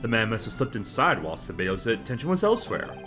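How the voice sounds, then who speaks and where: A man voicing a stern, imposing older chief justice, attempting a British accent in a formal, measured manner. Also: on the low side, sing-song, over music. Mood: grave.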